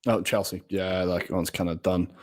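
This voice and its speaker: A man, co-hosting a podcast with excitable, jokey football banter. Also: deep voice, normal speed. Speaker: podcast co-host. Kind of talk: casual football chat.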